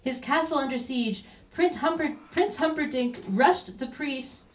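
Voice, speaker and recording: A woman narrates a comic story in a theatrical, playful way, with a fairly high voice. The sound is roomy and comes from a distant mic. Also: unhurried, a little hiss or hum. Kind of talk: comic live story reading.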